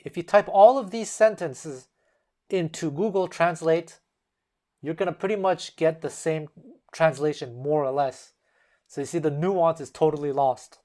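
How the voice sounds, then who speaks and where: A language-lesson host explaining step by step in a casual way and acting out example phrases in shifting tones. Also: mid-range voice.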